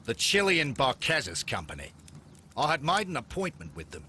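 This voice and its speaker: Haughty Australian businessman in a game; bright, animated, impatient. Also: medium pitch, normal speed, a little hiss or hum. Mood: brusque. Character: brusque wealthy male businessman engineer. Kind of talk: video game voice acting.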